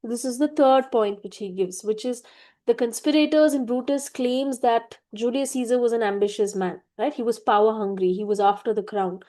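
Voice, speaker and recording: A woman's voice: fairly high pitch, normal speed, mellow. A woman teacher giving a literature lecture, reading quoted lines and explaining them, with frequent "right?" check-ins to her students. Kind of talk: classroom lecture.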